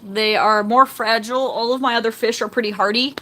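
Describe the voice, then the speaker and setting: A woman's voice: fairly high pitch, steady tone, fairly quick, a bit bright. A young woman chatting casually on a live stream, rambling and reading out chat comments beside her fish tank at home. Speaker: fish-keeping livestreamer.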